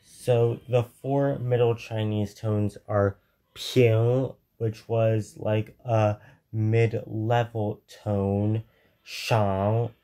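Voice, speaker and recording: A man explains at an unhurried, slow pace, often stopping to correct himself or hunt for a word. His voice is mellow and sits fairly low. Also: level tone. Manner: halting, self-correcting, searches for words. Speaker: language history explainer. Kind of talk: unscripted educational explainer.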